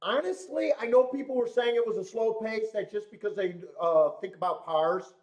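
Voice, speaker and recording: A man's voice: high-pitched, moderate pace, darkish tone. A young man with a stuffy cold hosting a casual horse racing live stream, rambling and swearing often as he tells stories and talks handicapping. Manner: profane, rambling storytelling. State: congested from a cold. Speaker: horse racing show host.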